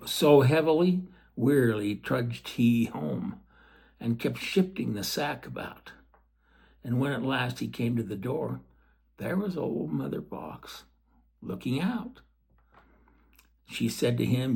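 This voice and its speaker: A man reads a storybook aloud at an unhurried pace, in a gravelly, husky voice. He keeps it gentle and turns to the listener now and then with chatty asides. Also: mid-range voice, expressive.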